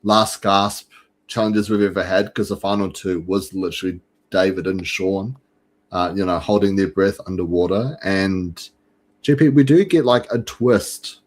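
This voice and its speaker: A man's voice: lowish voice, measured pace. A man hosting a casual fan podcast, talking in a chatty way with many fillers and restarts. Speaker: podcast host.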